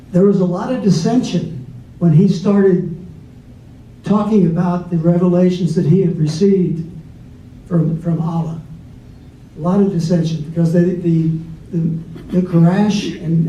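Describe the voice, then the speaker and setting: A man's voice: sits high, mellow. A man in a debate, speaking unscripted with many restarts and repeated words. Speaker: debate panelist. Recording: distant, roomy, dull with faint noise.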